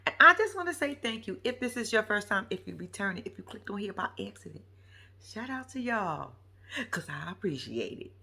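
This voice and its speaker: Her mid-range voice gravelly with a breathy edge, a woman vlogger speaks fairly quickly while reacting to a reality show. She's chatty and animated, talks straight to viewers in slangy, profane language, and laughs frequently.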